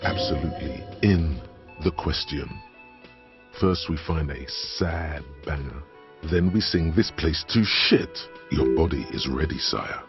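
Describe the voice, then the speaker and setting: An actor voicing a brooding inner narrator in a game, speaking slowly in a deep, gravelly, ominous tone. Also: male voice. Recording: dull lo-fi game capture with music.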